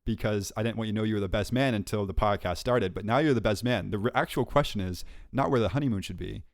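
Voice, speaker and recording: A young man co-hosting a podcast, telling a story in a lively, self-mocking way and laughing often. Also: lowish voice, fast talker, no echo, studio quality. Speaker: podcast co-host. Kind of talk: casual chat, storytelling.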